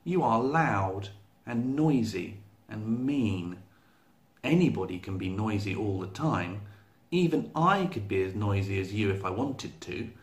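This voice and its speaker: The littlest egret of a picture book, small and prim, scolding a bully and daring him to a contest, as a man reading aloud puts her on. She speaks slowly and deliberately, with a gravelly edge, in an echoey room. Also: on the low side, expressive. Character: tiny, bold little female egret, scolding. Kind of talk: storybook reading.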